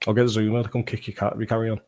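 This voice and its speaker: A man's voice: on the low side, very fast. Young man hosting a football watchalong. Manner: banter, swearing, reading out chat comments; bursts into excited play-by-play. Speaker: watchalong livestream host. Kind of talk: casual livestream chat and match reaction.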